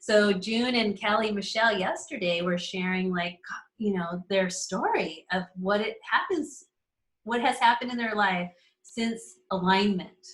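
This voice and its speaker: A woman's voice: mid-range voice, unhurried. A woman hosting a casual live astrology call, enthusiastic and laughing often as she speaks to members by name. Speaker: host of an astrology community call. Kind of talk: casual live teaching chat. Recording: roomy echo.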